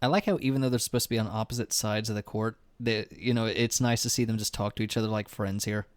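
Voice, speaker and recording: A man's voice: on the low side, steady tone, fast talker, clean tone. A man streaming a video game with a friend, chatting casually and teasing her, laughing often. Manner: joking, teasing, breaks into laughs. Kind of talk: casual gaming chat.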